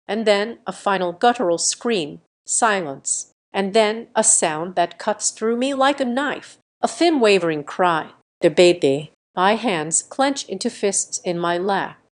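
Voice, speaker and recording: A woman narrating a first-person drama story in a calm, measured, dramatic way. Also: medium pitch.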